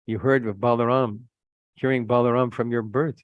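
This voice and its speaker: A man's voice: mid-range voice, steady tone, normal speed, dry recording, phone-quality sound. Earnest admonishing male preacher. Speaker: preacher, monk. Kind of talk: sermon with anecdotes.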